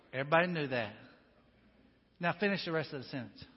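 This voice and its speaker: A man's voice: on the high side, expressive, a little fast. A man preaching a sermon to his church in an earnest, emphatic way, often repeating words as he presses a point. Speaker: pastor. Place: church sanctuary. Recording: dull sound with long hall reverb.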